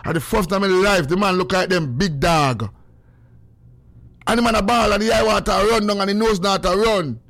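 A man hosting a show, telling stories in a lively, laughing way and quoting himself and others. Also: sits high, moderate pace, no echo, studio quality. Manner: animated, laughs often, quotes himself. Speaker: show host. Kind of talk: casual storytelling chat.

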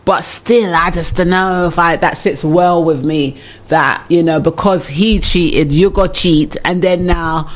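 A man's voice: a little high, fairly even intonation, measured pace. A man hosting a casual advice show, reading listener letters and giving frank opinions, laughing often.

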